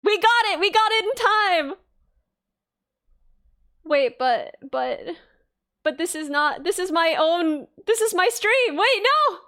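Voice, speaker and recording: A woman's voice: very high voice, expressive, slow, pauses often, sharp tone, no echo, studio quality. A young woman, chatting casually on a live stream, giggly, rambling and self-mocking. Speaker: VTuber streamer.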